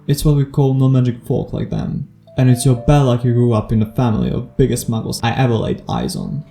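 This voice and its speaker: A man doing Hagrid, the gruff homely giant. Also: mid-range voice, expressive, brisk, dark tone, soft background music. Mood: blustery. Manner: blustery, homely turns of phrase. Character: huge gruff kindly male half-giant gamekeeper.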